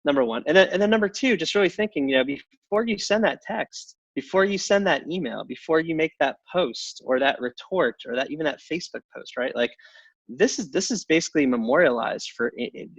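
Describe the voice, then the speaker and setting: A middle-aged man talking casually as an interview guest, halting, with lots of restarts and fillers. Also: a little high, expressive, no echo, highs cut off. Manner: halting, many restarts and fillers, chuckles often. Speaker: guest, tech company CEO.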